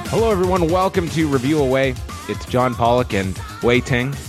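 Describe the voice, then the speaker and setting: A man's voice: medium pitch, moderate pace, over music. A man hosting a casual wrestling podcast, joking dryly and now and then tripping over his words. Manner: joking, dry, with small stumbles. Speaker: podcast host.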